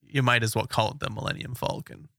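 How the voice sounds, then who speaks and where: A man's voice: mid-range voice, fairly even intonation, brisk, creaky, bright, forceful tone, no echo, clean studio sound. A man co-hosting a casual podcast, teasing his partner in a wry way. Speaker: podcast co-host.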